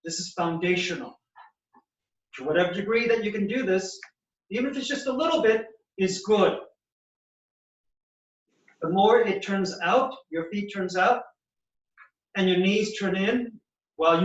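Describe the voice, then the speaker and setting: A male physical therapist with a high voice walks through knee exercises step by step in a clinic, demonstrating each movement as he explains it. He speaks at a moderate pace with long pauses, and the sound is echoey, distant and dull.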